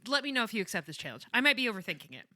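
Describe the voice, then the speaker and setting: Lively, bright-voiced woman podcast host. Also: fairly high pitch, no echo, studio quality. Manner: animated, giggly, quick to joke. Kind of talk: casual chat recapping a TV episode.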